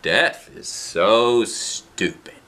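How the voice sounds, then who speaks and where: Old grandma, loving and playful, done by a male reader, soft and teasing. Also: on the low side, lively intonation, drawn-out words, full character voice. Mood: tender.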